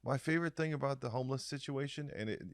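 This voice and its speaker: A man co-hosting a casual comedy podcast, telling dark jokes in a deadpan, rambling way. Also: medium pitch, quick pace, dry recording, clean studio sound. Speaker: podcast co-host.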